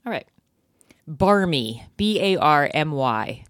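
A woman's voice: sits low, expressive, slow pace, dry recording, studio quality. A woman co-hosting a casual chat, playful and laughing often as she quizzes her partner. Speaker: podcast co-host.

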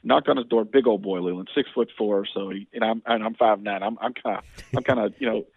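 A state legislator in his forties, appearing as a guest in a casual interview with storytelling, talks fast and earnestly, often stumbling over restarts. His fairly low voice has a gravelly, fry-heavy edge. The dry recording comes through a tinny, phone-like line.

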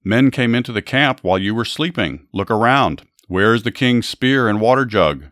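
A man's voice: medium pitch, animated, normal speed, a bit bright, dry recording, studio quality, pitched above the performer's own voice, lightly acted. A man voicing a young male warrior who pleads with a king, speaking earnestly. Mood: rebuking.

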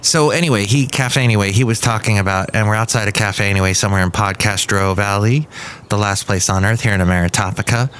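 A man's voice: lowish voice, quick pace, fairly bright tone, a little hiss or hum. A man hosting a podcast, riffing in a rambling, sardonic comedic monologue, recorded outdoors. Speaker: podcast host. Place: outdoors outside a café.

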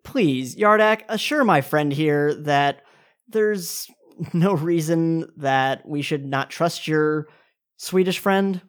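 A woman's voice: sits low, slow pace. Woman doing a suspicious, pushy socialite. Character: adult woman, Adrian, suspicious and hostile.

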